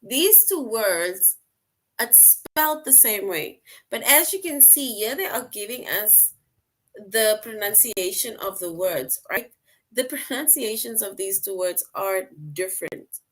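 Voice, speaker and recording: A woman teacher explaining a lesson slowly, repeating points and checking in with "right?" often. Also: medium pitch, expressive, a bit bright. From outside the US. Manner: slow, repetitive explaining, frequent "right?" check-ins. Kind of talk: online class lesson.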